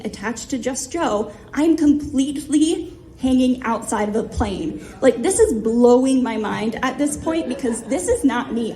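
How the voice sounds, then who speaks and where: A woman's voice: a little high, mellow, slight background noise. Self-mocking woman telling a story. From Ohio, USA. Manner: self-deprecating, comic, vivid. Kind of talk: live personal storytelling.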